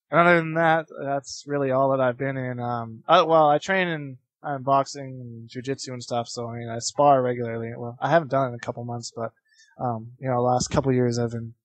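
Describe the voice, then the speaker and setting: A man's voice: medium pitch, fairly even intonation, a little fast, no room sound. A young man in his late teens, a guest in a casual interview, telling rambling stories and laughing often between phrases. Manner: many fillers and restarts. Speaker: interview guest, competitive gamer.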